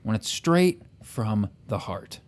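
A man's voice: fairly low pitch, big pitch swings, slow pace. Man, podcast host, casual, wry, teasing. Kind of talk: casual chat.

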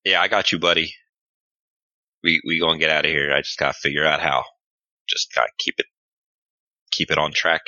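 A man playing a big gruff bruiser in a tabletop role-play, blunt and swearing often. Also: rumbling low, fairly even intonation, a little fast, long pauses, bright, forceful tone, no echo, dull audio. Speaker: player.

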